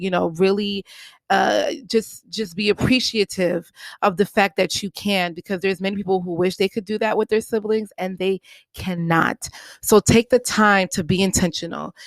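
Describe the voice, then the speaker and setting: A woman with a mid-range voice, recorded dry, hosts her own solo podcast. She speaks earnestly and encouragingly, repeating points for emphasis and adding the occasional playful aside.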